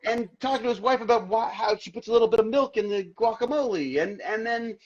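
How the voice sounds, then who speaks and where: A middle-aged man, an actor guest in a casual interview, telling stories in an excitable, rambling way full of restarts. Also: very high-pitched, fast, highs cut off. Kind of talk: casual video-call interview.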